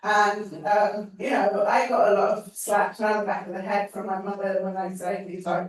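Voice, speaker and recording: A woman's voice: mid-range voice, little pitch movement, moderate pace. A woman from North London with a standard British accent, giving a chatty conference talk and putting questions to the audience. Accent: standard British English. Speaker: conference speaker. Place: conference hall.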